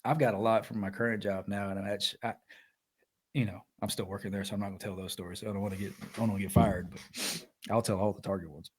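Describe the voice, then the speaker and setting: A man's voice: lowish voice, fast, breathy edge. A man, telling stories in casual podcast chat and acting out the voices of the people he quotes. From Alabama. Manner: animated storyteller, acts out quoted voices. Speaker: podcast co-host.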